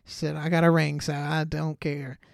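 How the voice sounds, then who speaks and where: A man's voice: fairly high pitch, monotone, moderate pace, gravelly, dry recording, studio quality. A young man and podcast host telling a rambling, casual story, full of fillers and restarts, acting out his own reactions.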